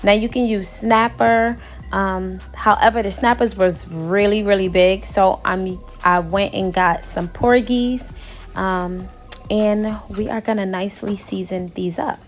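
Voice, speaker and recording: A woman's voice: medium pitch, fairly even intonation, measured pace. A young woman chatting through a casual cooking tutorial in her home kitchen, talking straight to her viewers as "y'all". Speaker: home cook vlogger.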